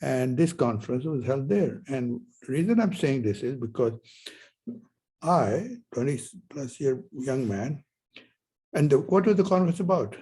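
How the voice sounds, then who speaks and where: Older male lecturer, husky and mellow. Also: medium pitch, lively intonation, measured pace, low-quality recording. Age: 70s. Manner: rambling anecdotal storytelling with rhetorical questions. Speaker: university lecturer. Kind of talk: classroom lecture.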